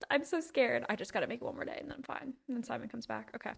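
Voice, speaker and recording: A woman hosts a solo podcast from home in a casual, meandering chat. Her delivery is playful and tangential. Her voice sits slightly higher than average. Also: very fast, creaky, slightly rough. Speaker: podcast host.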